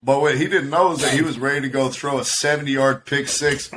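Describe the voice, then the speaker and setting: A man's voice: mid-range voice, steady tone, fairly quick, a bit bright, slight background noise. A man co-hosting a podcast on a video call, riffing on sports in a joking, profane way and laughing often. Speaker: podcast co-host. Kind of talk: casual sports chat.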